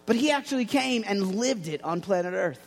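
A man's voice: high-pitched, animated, brisk, gravelly. A man preaching a casual, playful sermon to young people, telling stories and acting out what people say. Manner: playful, storytelling, acts out quotes. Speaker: youth pastor. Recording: long hall reverb.

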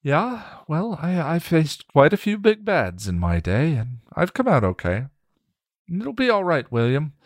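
A man's voice: on the high side, wildly swooping pitch, measured pace, dry recording, clean studio sound, pitched above the performer's own voice, full character voice. A man voicing a brave, kind young witch who soothes and reassures with determination. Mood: determined.

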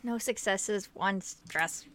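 A woman's voice: medium pitch, takes it slowly, fairly bright tone, a little hiss or hum. A woman playing a tabletop role-playing game, stammering and hesitating as she decides her character's moves. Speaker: player. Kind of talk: casual tabletop play.

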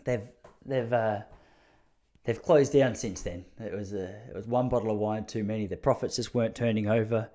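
In a casual comic monologue, a man with an Australian accent tells stories in a chatty, rambling, self-mocking manner. His dark-toned voice sits on the low side, with fairly even intonation at a moderate pace.

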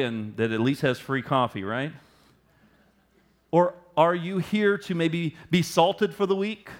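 A male pastor preaching a sermon to his congregation, building into an animated, humorous storytelling stretch. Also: on the high side. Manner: animated storytelling, rising and loud in humorous asides. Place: church sanctuary.

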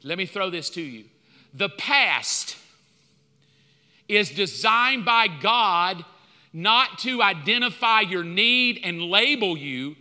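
A male pastor preaches in a high, piercing voice that rings through a long-reverb church hall. He is lively and conversational, and he acts out dialogue with God. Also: slow pace. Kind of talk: sermon. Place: church sanctuary.

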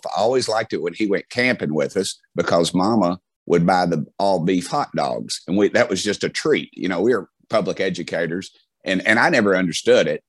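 As an interview guest, a middle-aged Tennessean with a Southern US accent tells folksy stories in a low voice, with no echo. The storytelling is casual, broken up by many restarts and fillers.

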